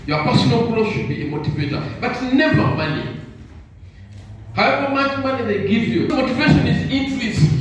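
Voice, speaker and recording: An older man giving a motivational talk to teachers, preachy and insistent, leaving sentences open for the audience to finish. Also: a little high. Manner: call-and-response, leaves sentences open for the audience to finish with "what?". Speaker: motivational speaker. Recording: echoey hall from far off with faint noise.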